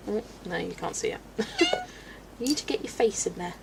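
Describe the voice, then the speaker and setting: A woman's voice: fairly high pitch, wildly swooping pitch, normal speed, vocal fry, pauses often, background noise. A woman from the UK streaming live at home, chatty and giggly, reading viewer comments aloud as she chats. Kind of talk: casual live-stream chat.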